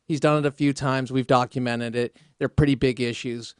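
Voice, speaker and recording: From a radio studio, a man hosts a political talk show, combative and sarcastic as he rambles through asides. His medium-pitched voice holds a steady tone at normal speed, and the sound is clean studio audio with no room noise.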